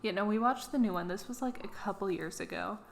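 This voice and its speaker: A woman's voice: medium pitch, fast talker, creaky, slight background noise. A young woman co-hosting a podcast in casual chat, teasing her friend and laughing easily. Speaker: podcast co-host.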